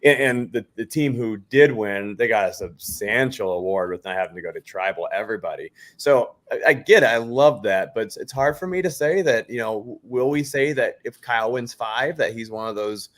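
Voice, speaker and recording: A man's voice: medium pitch, normal speed, hardly any pauses. A man co-hosting a casual talk show, thoughtful and questioning. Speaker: podcast co-host. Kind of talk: casual chat.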